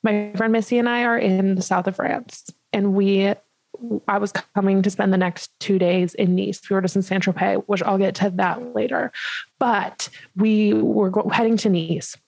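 A woman in her twenties telling a funny story in casual chat as a podcast co-host, animated and full of "like" fillers. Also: mid-range voice, normal speed, creaky, no room sound, rough recording. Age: 20s. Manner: animated, many "like" fillers, laughs while telling.

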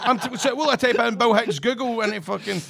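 A man's voice: extremely high pitch, fast talker, vocal fry, fairly bright tone. A Scottish man co-hosting a podcast, boisterous and bantering, swearing freely. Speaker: podcast co-host. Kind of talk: casual podcast chat.

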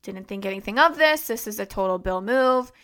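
Bright-voiced young woman telling a story. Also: medium pitch, animated, brisk. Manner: conversational, many fillers and "like". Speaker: podcast host. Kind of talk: personal storytelling.

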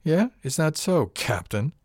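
A man's voice: on the high side, very animated, unhurried, a little mellow, husky, no echo, clean studio sound, pitched above the performer's own voice, heavily acted. Man doing a sneering hot-headed young man. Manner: sneering, snarling.

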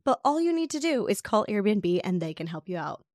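A calm, patient male rental host explains his position in a level, reasonable way, as a woman reads his lines. The sound is dry and close, at a mid pitch. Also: moderate pace, no echo, close to an everyday voice.

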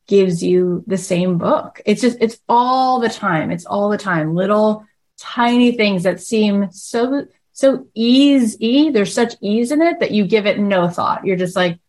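A woman hosting a podcast, telling a casual story in a chatty, animated way and acting out the other people in it. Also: mid-range voice. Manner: chatty, animated, acts out quoted voices. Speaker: podcast host.

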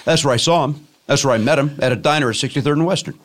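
A man's voice: mid-range voice, racing. A man with a South Side Chicago accent, a podcast guest rambling through improvised comedy stories with many restarts.

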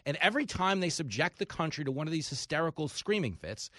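Sarcastic high-voiced talk radio host. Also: male voice, very animated, fast, hardly any pauses, a bit bright, no room sound, studio quality. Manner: sarcastic, mocks opponents in shrill mimicking voices. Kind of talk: opinionated monologue.

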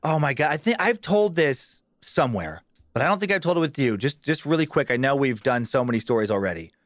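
A man's voice: medium pitch, lively intonation, a little fast, no room sound, clean studio sound. A man, a comedian, telling a profane road story in casual podcast chat with lots of restarts and swearing.

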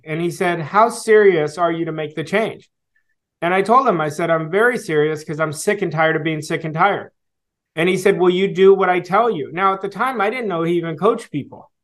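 Male guest coach in his forties, slightly high voice, earnest reflective storyteller with pauses and fillers. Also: a bit bright. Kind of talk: storytelling interview answer.

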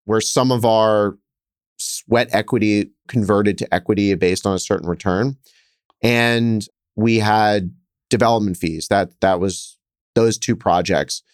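A lower-pitched man in his thirties talks through his business stories on a podcast, animated and quick to act out scenes. His voice is smooth and clear, recorded dry and close. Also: no echo. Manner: animated, quick storyteller who gets louder acting out scenes. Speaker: hotel investor guest. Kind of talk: conversational interview storytelling.

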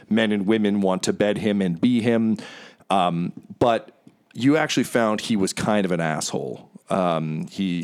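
A man narrating as game master, halting and full of ums. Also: sits low.

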